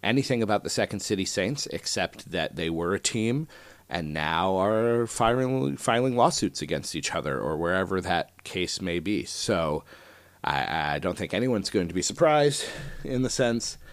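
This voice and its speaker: Low-voiced man rambling on his podcast. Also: animated, moderate pace, no room sound. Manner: rambling, self-deprecating, many fillers. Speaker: podcast host. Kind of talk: casual solo podcast chat.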